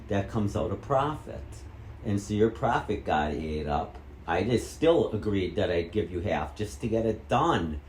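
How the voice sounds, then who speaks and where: Angry low-voiced man, echoey room. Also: darkish tone, a little hiss or hum. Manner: angry, repetitive interrogating, heavy swearing. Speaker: vlogger confronting his mother. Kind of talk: heated family argument.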